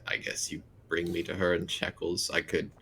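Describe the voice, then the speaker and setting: Deep, gravelly male player. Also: little pitch movement, moderate pace, pushed and bright, a little hiss or hum. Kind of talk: tabletop game play.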